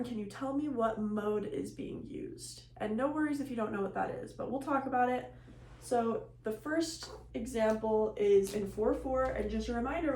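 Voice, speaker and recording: A woman giving a recorded music lecture, explaining rhythm terms plainly and counting beats aloud. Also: fairly high pitch. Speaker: music teacher. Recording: echoey room with faint hum.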